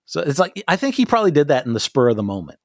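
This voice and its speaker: A man's voice: on the high side, wildly swooping pitch, very fast, no room sound, clean studio sound. A man co-hosting a podcast, recapping an episode in casual, profane chat, laughing often and mimicking characters. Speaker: podcast co-host.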